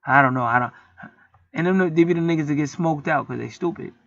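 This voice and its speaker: Gravelly, heated man ranting. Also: a little high, fast, fairly bright tone, dry recording. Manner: heated, profane, preachy. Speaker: channel host. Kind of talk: casual rant to camera. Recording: dull lo-fi dry sound.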